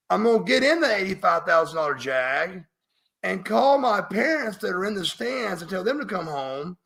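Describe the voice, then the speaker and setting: A man's voice: high voice, gravelly, bright, forceful tone. A middle-aged man, emphatic and profane, telling a story as a podcast guest. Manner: emphatic, profane, refers to himself by name. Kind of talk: storytelling interview.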